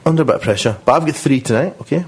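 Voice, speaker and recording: A man tells strange football stories with animated relish on a casual podcast. His voice is husky, at a middling pitch, and he addresses his friends directly as he talks. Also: rapid-fire. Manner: animated storyteller, relishes the anecdotes. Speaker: podcast regular.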